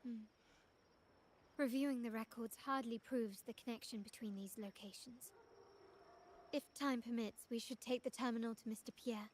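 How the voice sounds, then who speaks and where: An actress voicing a poised young noblewoman and family heir in a video game, speaking in a composed, measured, commanding way. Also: fairly high pitch, fairly even intonation, slight background noise, natural voice. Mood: calm resolve.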